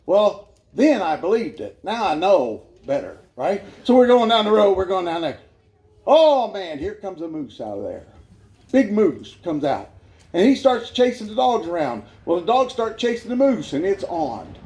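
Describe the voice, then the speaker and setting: Folksy man with a high voice. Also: big pitch swings, normal speed, a little mellow. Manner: folksy, self-mocking, laughs through his words. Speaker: guest speaker giving his life testimony. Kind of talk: storytelling testimony at a church revival. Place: church.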